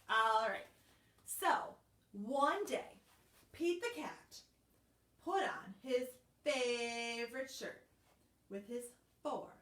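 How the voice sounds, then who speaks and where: A woman leading a children's storytime, reading picture books to young children with an animated, exaggerated, encouraging delivery. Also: a little high, far from the mic. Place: library room, streamed live. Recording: roomy sound, voice set back from the mic.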